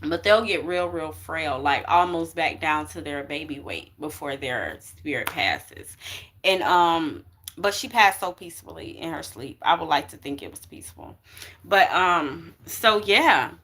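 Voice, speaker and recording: A woman's voice: low-pitched, animated, measured pace, a bit bright, slight background noise. A young woman doing a casual spiritual card reading for her viewers, talking emphatically and checking in with "okay" and "y'all" over and over. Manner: chatty, emphatic, keeps saying okay and y'all.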